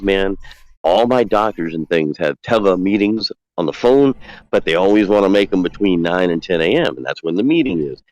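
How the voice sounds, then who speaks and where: Deep-voiced man telling a rambling story. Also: darkish tone, poor audio. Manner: rambling, acts out quoted dialogue. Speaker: guest calling in. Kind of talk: casual storytelling.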